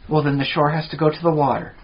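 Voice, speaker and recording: A man's voice: a little high, flat delivery, quick pace. A man co-hosting a podcast in casual chat, explaining at length with asides. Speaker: podcast co-host. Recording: dull lo-fi podcast audio, faint hiss.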